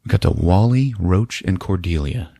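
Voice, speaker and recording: A man hosting a podcast, casually recapping a film in an animated way, laughing often and acting out the lines. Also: low voice, moderate pace, gravelly, dry recording. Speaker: podcast host.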